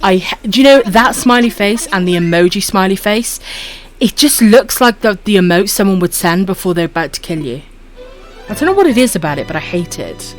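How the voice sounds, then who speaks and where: A woman from Wales with a husky voice and a dry throat, chatting casually to viewers while streaming a game and calling them her darlings. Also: mid-range voice, animated, fairly quick, faint music behind. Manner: affectionate, calls viewers my darlings.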